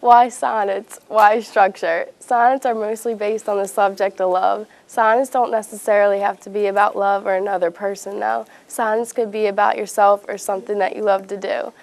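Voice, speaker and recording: A woman's voice: mid-range voice, flat delivery, moderate pace, gravelly, hardly any pauses, a little mellow. A woman giving a plain classroom-style explanation.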